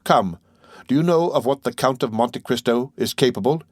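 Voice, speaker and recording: A man reading an audiobook voices a calm, mysterious nobleman who speaks in a measured, solemn and persuasive way. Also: mid-range voice, dry recording, clean studio sound, lightly acted. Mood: commanding.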